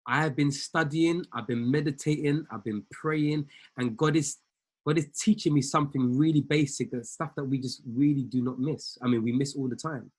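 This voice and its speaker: In a husky, medium-pitched voice with fairly even intonation and a moderate pace, a trading coach gives a group a motivational speech. He exhorts them preacher-style, speaking straight at them and repeating lines to drive points home.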